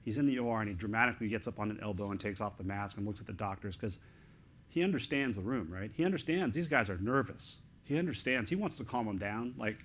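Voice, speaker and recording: A middle-aged man, an author speaking as an interview guest, telling a story in excited, animated bursts of short fragments. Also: fairly low pitch, quick pace, a little hiss or hum.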